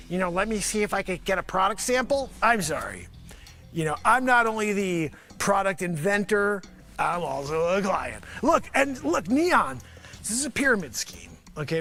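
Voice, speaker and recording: A man hosting his own show, rambling through a sarcastic, excitable comic sales pitch. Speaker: host. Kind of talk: comedic improvised pitch.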